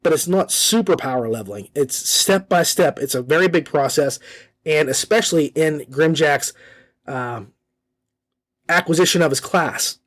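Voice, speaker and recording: Upbeat, slightly high-voiced male podcast host. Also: normal speed, a bit bright, dry recording. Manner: enthusiastic, chatty, repeats himself. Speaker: podcast host reviewing audiobooks. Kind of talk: casual spoken review.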